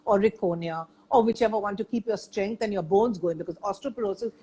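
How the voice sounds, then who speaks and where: A woman's voice: mid-range voice, quick pace, dark tone, husky, poor audio. An older woman sharing her experience in a casual chat, talking emphatically and repeating points for stress.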